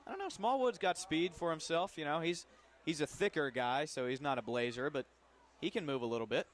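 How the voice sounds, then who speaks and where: A man's voice: on the high side, a little fast, a little hiss or hum. Guy chiming in on the game, casual and laid back. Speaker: commentator. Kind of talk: sports commentary.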